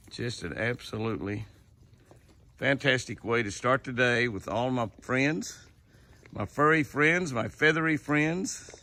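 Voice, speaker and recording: With a bright, forceful, medium-pitched voice, this channel host narrates a casual outdoor vlog from his ranch, chatting easily, laughing often and cooing at the deer he feeds.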